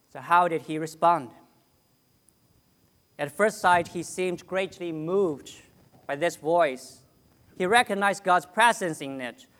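A pastor preaching a sermon, earnest and deliberate, with long pauses and sudden drops to a soft voice. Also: male voice, a little high.

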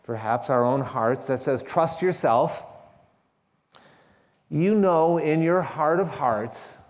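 A man's voice: on the high side, slow pace, big-room sound. A man preaching a sermon, emphatic and repeating key phrases with shifting stress. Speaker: pastor.

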